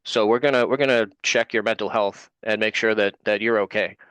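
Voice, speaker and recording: A man's voice: lowish voice, steady tone, a little fast, fairly bright tone, clear, resonant tone, dry recording. A man, an interview guest telling a personal story in casual talk and acting out what others said. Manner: retells events with quoted dialogue.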